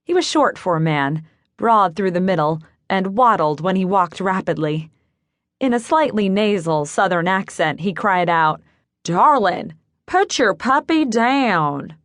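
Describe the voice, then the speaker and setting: A woman's voice: on the low side, no room sound. Dry close-miked woman narrator. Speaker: audiobook narrator. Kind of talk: scripted first-person narration. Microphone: close studio mic.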